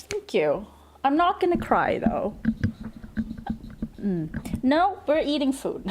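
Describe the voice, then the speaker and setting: Excitable woman streamer with a lively voice. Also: sits high, slow, long pauses, a little hiss or hum. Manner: excitable, gushing thanks, laughs and swears. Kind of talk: casual live-stream chat. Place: home desk. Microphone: desk microphone.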